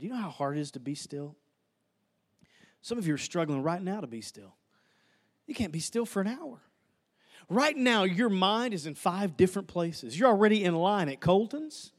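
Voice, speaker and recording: A man's voice: fairly high pitch, animated, moderate pace. Man, pastor, sermon, conversational storytelling, humorous, repeats phrases, church, long hall reverb.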